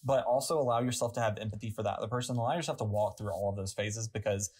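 Co-host, husky tone, reflective and advice-giving, loose and casual delivery. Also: medium pitch, very fast, darkish tone. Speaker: podcast co-host. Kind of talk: casual chat.

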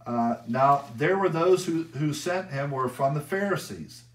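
A man preaching an expository sermon as pastor, emphatic, rising in pitch and volume when he reads scripture aloud. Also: lively intonation, measured pace, few pauses, far from the mic. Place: church sanctuary.

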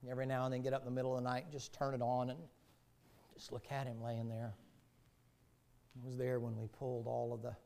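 Male pastor, gravelly storyteller, preaching from the pulpit, loud to hushed. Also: medium pitch, monotone, fast, pauses often. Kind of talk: sermon.

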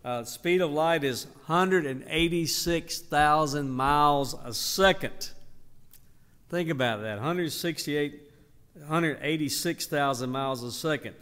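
A man's voice: a little high, fairly bright tone. Older man teaching Bible study, reverberant hall. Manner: unhurried, emphatic teaching with fillers and restarts. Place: church hall.

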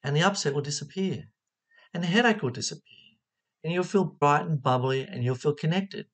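A spiritual teacher giving a motivational talk, expressive and asking the listener questions. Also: mid-range voice, a little fast.

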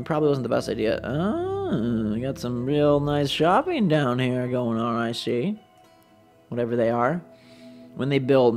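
A man casually thinking aloud while commenting on a city-building game, unsure of himself and talking to his viewers. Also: medium pitch. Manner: rambling, thinking aloud, self-doubting; talks to the viewers. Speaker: let's play commentator.

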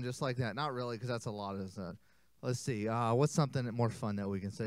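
A man teaching a children's church lesson as animated, playful storytelling, joking and interrupting himself. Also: mid-range voice, a little fast, no echo. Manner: playful, self-interrupting, jokey.

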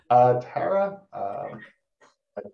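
A man hosting a panel discussion, talking casually and haltingly with many fillers and easy laughs. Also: medium pitch, sing-song, gravelly, reverberant, lo-fi sound. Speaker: host.

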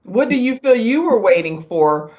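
A woman hosting a talk show, interviewing a guest with animated, layered questions and frequent laughter. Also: fairly high pitch, normal speed, lo-fi sound.

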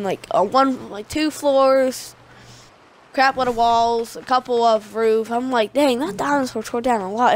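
A woman giving casual, excitable gameplay commentary, retelling the action by quoting herself. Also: fairly high pitch, slight background noise. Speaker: gaming video creator. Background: music.

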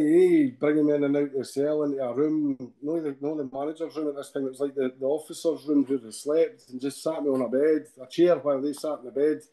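Mellow-voiced Scottish man telling his story. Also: on the high side. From Scotland. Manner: emotional storytelling, tags sentences with "eh?", halting restarts. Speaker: podcast guest. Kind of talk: personal account in a podcast interview.

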